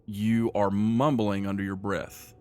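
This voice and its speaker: A man narrating as game master of a tabletop game, describing scenes in a measured way with frequent restarts. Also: lowish voice, level tone, warm tone.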